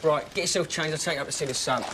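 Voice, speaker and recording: An actor playing a friendly firefighter who runs the mess, talking in a chatty, hurried way. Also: male voice, on the high side, noisy background, lightly acted.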